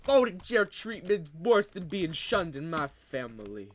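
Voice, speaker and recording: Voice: mid-range voice, sing-song, unhurried, a little hiss or hum, pitched below the performer's own voice. A streamer voicing a brash, exaggerated Italian-American family storyteller in a choppy put-on accent, doing comedy bits. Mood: mock-stern.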